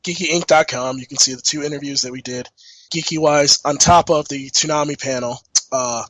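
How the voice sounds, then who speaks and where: A man's voice: on the high side, fairly bright tone, dry recording, low-quality recording. A tired man co-hosting a podcast, telling a rambling stop-start story in casual chat. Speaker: podcast co-host.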